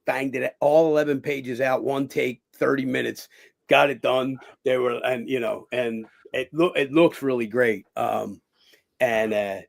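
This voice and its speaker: A middle-aged man with a gravelly, creaky voice, talking as an interview guest. He rambles through his stories full of fillers, restarts and casual swearing, at a middle pitch. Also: fairly even intonation, measured pace. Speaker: guest, actor and former boxer.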